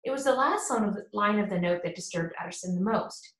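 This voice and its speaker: Brief: female audiobook narrator, steady and plain, echoey recording. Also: mid-range voice, fast talker. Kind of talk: storybook narration. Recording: roomy echo.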